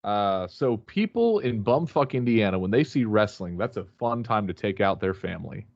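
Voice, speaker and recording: A man's voice: lowish voice, animated, moderate pace, a little mellow, no room sound, dull audio. A man guest on a remote call, telling a rambling, swear-filled story with many fillers and restarts. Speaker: podcast guest, wrestler. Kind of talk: casual storytelling chat.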